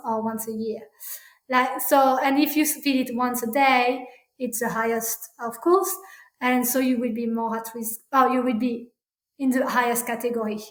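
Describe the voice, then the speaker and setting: A woman with a French accent, a parenting practitioner answering interview questions in a halting way with many fillers and restarts. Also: fairly high pitch, roomy sound. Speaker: parental burnout practitioner, guest.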